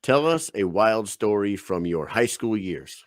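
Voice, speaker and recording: A man co-hosting a relaxed interview, reading out numbered questions in a laid-back way. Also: lowish voice, measured pace, dry recording, studio quality. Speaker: podcast co-host. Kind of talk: casual interview chat.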